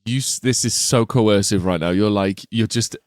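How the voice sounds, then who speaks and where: A man's voice: lowish voice, moderate pace, no echo. A man co-hosting a casual film podcast, blunt and sweary, ranting enthusiastically about films. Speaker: podcast co-host.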